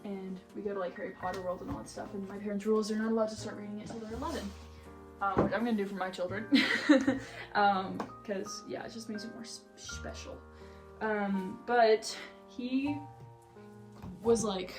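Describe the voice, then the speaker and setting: A woman's voice: mid-range voice, fairly even intonation, moderate pace. A young woman vlogger chatting casually and with strong opinions, filling her talk with "like", while she reorganizes a bookshelf at home. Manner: chatty, heavy use of "like", opinionated rants. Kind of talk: casual chat. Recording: roomy echo, faint music behind.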